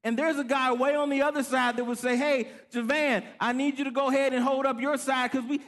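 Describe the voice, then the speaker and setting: A man preaching a sermon, telling a story with animated delivery and acting out the voices of others. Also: very high-pitched.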